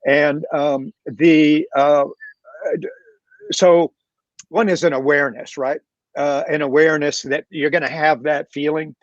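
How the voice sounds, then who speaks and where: A man's voice: fairly high pitch, steady tone, a little slow, no echo, highs cut off. A man on a panel talking reflectively, with many fillers and restarts. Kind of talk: casual panel talk.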